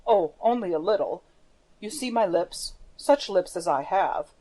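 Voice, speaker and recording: A woman's voice: on the low side, expressive, unhurried, dark tone, poor audio. A woman reading the part of a menacing masked male phantom, with a theatrical, darkly playful manner. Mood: mocking.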